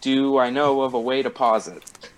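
A man playing a tabletop role-playing game who describes his character's actions in the third person in an animated way. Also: medium pitch, normal speed. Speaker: player. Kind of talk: casual tabletop play.

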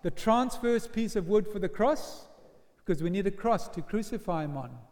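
A man's voice: high-pitched, lively intonation, moderate pace, darkish tone. A man playing a stern Roman centurion who gives short, commanding orders to his soldiers. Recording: long hall reverb.

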